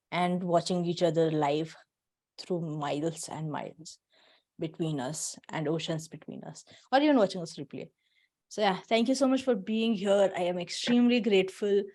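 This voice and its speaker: On a video call, captured through her computer microphone, a woman hosts an online workshop in a low, darkish voice. She keeps things casual and encouraging and laughs a lot.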